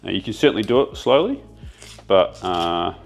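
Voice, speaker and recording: Low gravelly guy cooking at home, relaxed chatty vibe, a bit of music under it. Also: moderate pace. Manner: relaxed, explains as he cooks. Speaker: home cook and co-host. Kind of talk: casual cooking chat. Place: home kitchen.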